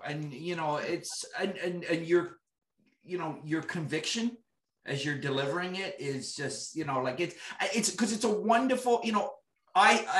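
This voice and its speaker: A man's voice: on the high side, fairly bright tone. A man interviewing a guest, asking casual questions with many restarts and fillers. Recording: echoey room, voice distant from mic.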